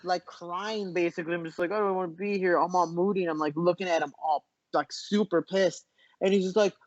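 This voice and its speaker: A man, a fighter guest in a casual interview, telling animated stories with lots of restarts, over muffled video call audio. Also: high voice, brisk, no room sound. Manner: animated storyteller, frequent restarts.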